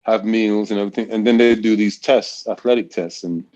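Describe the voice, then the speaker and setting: A man's voice: lowish voice, fairly quick, darkish tone, muffled recording. A man in his sixties from Great Britain, a college throws coach telling stories in a casual interview, rambling with frequent restarts.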